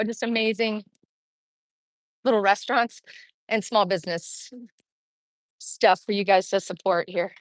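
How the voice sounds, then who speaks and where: A middle-aged woman talks upbeat and chatty into a phone held as she walks a street outdoors. Her voice sits a bit high and sounds close and dry. She is slightly out of breath. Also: a bit bright, no echo, low-quality recording. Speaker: vlogger streaming live. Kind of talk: casual walking livestream chat. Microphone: phone held while walking.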